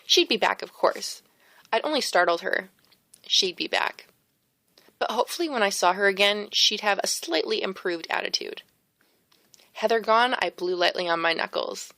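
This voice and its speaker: A woman reading a first-person novel aloud as an audiobook narrator, steady and expressive, close to the mic. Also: medium pitch, normal speed, no echo. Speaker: audiobook reader.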